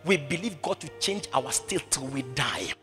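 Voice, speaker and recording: A man preaching a sermon, driving his points home by repeating phrases and swinging from shouting to hushed speech. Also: medium pitch, lively intonation, normal speed, music in the background. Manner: emphatic, repeats phrases over and over.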